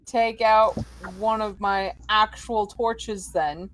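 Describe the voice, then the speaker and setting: A woman playing a tabletop game, expressive and playfully complaining, swearing freely. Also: mid-range voice, takes it slowly. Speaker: player.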